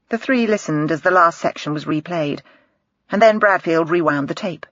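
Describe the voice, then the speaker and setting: An audiobook narrator reading a crime novel in a measured, even storytelling manner. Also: mid-range voice, no room sound, muffled recording. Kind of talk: scripted narration.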